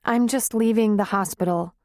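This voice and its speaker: A woman's voice: medium pitch, normal speed, a little mellow, no echo, close to an everyday voice. Audiobook figure: worn-out young woman, weak and tearful, dry close sound, as a woman narrator voices her. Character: young woman, weary nurse.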